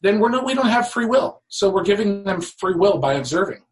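A man telling stories as a guest author in a talk show, animated and acting out the people he quotes. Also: sits high, a little fast, low-quality recording. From United States. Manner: animated, acts out quoted voices.

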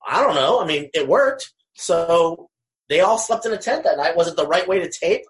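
A man from Florida, a co-author speaking as an interview guest in a relaxed, casual way. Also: on the high side, normal speed.

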